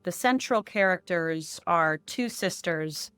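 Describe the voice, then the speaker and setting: A woman's voice: fairly low pitch, expressive, slow, fairly bright tone, clean tone, dry recording. A woman voice and accent coach explaining her methods in a conversational interview, often checking in with "right?".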